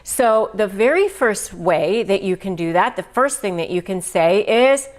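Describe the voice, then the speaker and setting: A woman's voice: mid-range voice, measured pace. Emphatic woman giving advice to camera. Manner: animated, emphatic, acts out quoted phrases. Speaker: host, negotiation advice presenter. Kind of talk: direct-to-camera advice video.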